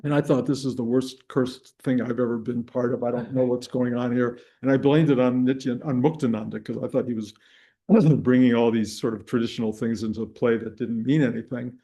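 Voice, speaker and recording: A man's voice: medium pitch, steady tone, fairly quick, mellow. An older man teaching a spiritual group, telling a personal story in a rambling way with restarts and chuckles. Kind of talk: dharma talk to a live and online group.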